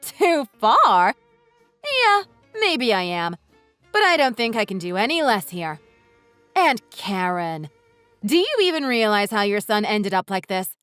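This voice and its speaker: A woman voicing a furious wife in a text-message story, who talks in a sharp, sarcastic, cutting way. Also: mid-range voice, sing-song, unhurried, no room sound, soft background music. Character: furious wife confronting her in-laws.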